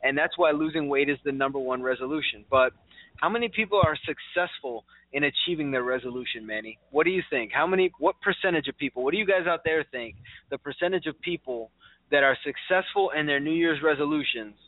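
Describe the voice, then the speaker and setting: A chatty, upbeat man hosts a casual talk show in a slightly high voice. His sound is dry and close, squeezed through a tinny, phone-like line. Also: a little fast, no room sound. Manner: chatty, upbeat, many fillers and restarts. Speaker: show host.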